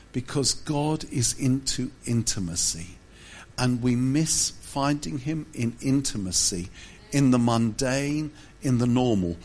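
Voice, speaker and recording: A man's voice: medium pitch, slight background noise. A man pastor giving a humorous sermon, telling self-deprecating stories with asides. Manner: self-deprecating storytelling with jokes.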